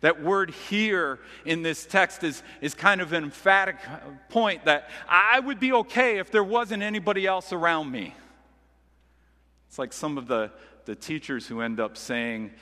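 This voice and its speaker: A man's voice: on the high side, a little slow, pushed and bright. A man preaching a sermon as pastor, in a conversational, earnest way. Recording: long reverb of a large hall.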